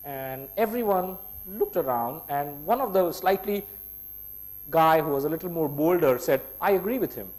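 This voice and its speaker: A middle-aged man with an Indian English accent tells a story to a workshop group, acting out what others said. His voice sits a little high for a man. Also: a little slow, poor audio. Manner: animated retelling, voicing others' quotes. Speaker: workshop trainer. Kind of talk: storytelling to an audience.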